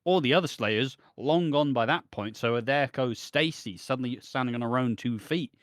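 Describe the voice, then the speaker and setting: A man's voice: medium pitch, moderate pace, dry recording. British male podcast host, casual and sweary, dry close mic. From United Kingdom. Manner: swearing, laughing recap of soap episodes.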